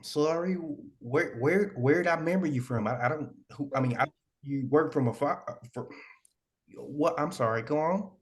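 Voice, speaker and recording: A man's voice: a little high, moderate pace. A man playing a troubled young man grieving his mother in a tabletop role-play, stammering and repeating words. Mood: flustered.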